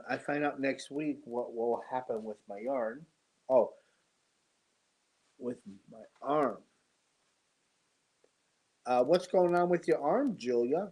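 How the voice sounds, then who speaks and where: A tired, congested man hosting a casual live stream, greeting viewers and talking slowly with many pauses and fillers. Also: medium pitch, lively intonation, darkish tone, slightly rough, rough recording. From United States. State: tired and congested after surgery. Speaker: host of a live yarn stream.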